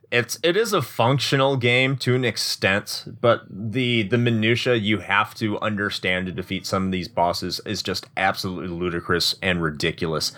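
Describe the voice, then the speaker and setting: A man co-hosting a casual podcast, blunt and crude-humored. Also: on the low side. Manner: blunt and crude, with animated delivery. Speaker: podcast co-host. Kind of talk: casual chat.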